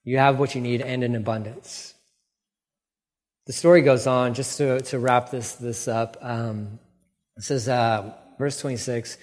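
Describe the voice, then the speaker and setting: A man's voice: mid-range voice, moderate pace, long reverb tail. A man preaching a casual sermon, reading scripture and acting out the characters with playful mock voices.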